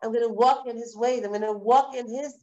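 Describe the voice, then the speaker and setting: A woman teaching a live online Torah class, lecturing in a lively, conversational way with repeated phrases and rhetorical questions. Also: a little high, a little fast, muffled recording. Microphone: video call.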